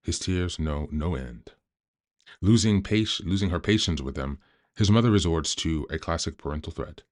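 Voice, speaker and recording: A man hosting a self-help podcast, reading a book aloud in a calm, measured way. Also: low voice. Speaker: podcast host.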